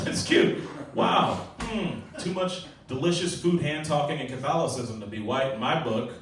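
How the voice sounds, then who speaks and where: A man's voice: mid-range voice, a little hiss or hum. A man in his forties doing a profane, brash stand-up set at an open mic. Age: 40s. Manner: brash, profane, lively, laughs at his own jokes. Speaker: stand-up comedian. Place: small comedy venue. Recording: echoey room, mic heard from far off.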